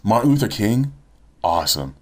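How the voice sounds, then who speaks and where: A man's voice: lowish voice, sing-song, normal speed. A young man co-hosting a casual podcast chat, telling profane stories with animation. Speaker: podcast co-host.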